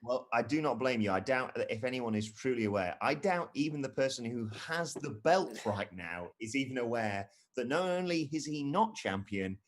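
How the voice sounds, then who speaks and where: A man's voice: medium pitch, lively intonation, normal speed, hardly any pauses. A young man co-hosting a live stream, casually reading viewer comments aloud with jokey asides.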